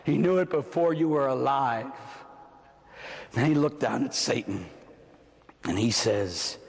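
A man preaching an impassioned sermon, often shouting, with dramatic pauses. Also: medium pitch, vocal fry, in a large hall.

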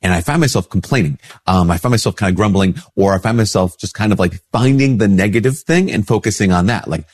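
A man's voice: fast talker, few pauses, a little mellow, breathy edge, dry recording, studio quality. A man, a Catholic priest, giving a casual spoken reflection while a bit sick with a stuffy nose, acting out quoted replies in a lifted voice. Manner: conversational, acts out quoted replies in a higher voice.

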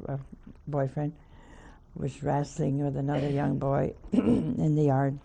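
Slow, gravelly older nun. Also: female voice, very deep voice, mellow. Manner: slow, homely anecdotal telling with wry asides. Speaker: nun preaching. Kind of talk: storytelling sermon.

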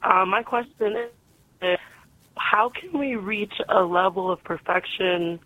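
A woman's voice: mid-range voice, slow, slight background noise. A woman calling in to a radio show from Georgia, asking her question politely with hesitant fillers. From Georgia, USA. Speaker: caller. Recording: tinny phone line.

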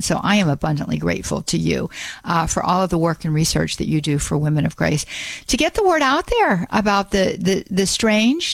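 A woman hosting a talk radio show, speaking in an animated, emphatic way and laughing often. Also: lowish voice, no echo. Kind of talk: casual talk radio chat.

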